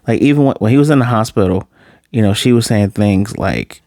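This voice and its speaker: A man's voice: on the low side, brisk, dark tone, no echo, studio quality. A man casually reviewing an anime episode, loose and rambling, with a few curse words. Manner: loose, rambling, profane, lots of fillers.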